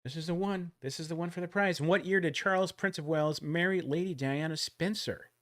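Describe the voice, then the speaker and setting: A man hosting a casual livestream trivia giveaway, joking around and calling out loud countdowns. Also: fairly high pitch, brisk. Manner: jokey, animated, loud countdowns.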